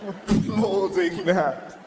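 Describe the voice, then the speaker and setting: An English man performing stand-up, with a cheeky, sweary and animated way of telling stories. His voice sits high and he takes his time. The sound is echoey, with a big crowd laughing around him. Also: drawn-out words, background noise. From England. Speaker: stand-up comedian. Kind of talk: live stand-up routine. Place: large live venue. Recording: echoey arena with loud crowd.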